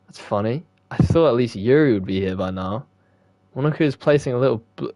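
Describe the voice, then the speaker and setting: A man's voice: medium pitch, expressive, brisk, darkish tone, dry recording. A young man reads a visual novel aloud and swears freely between lines. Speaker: gaming streamer.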